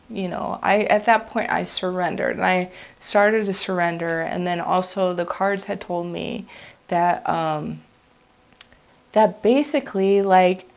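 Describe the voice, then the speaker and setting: A woman's voice: on the low side, unhurried. A woman giving an earnest, unscripted personal testimony, speaking in a heartfelt, confessional way. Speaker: vlogger sharing a religious testimony.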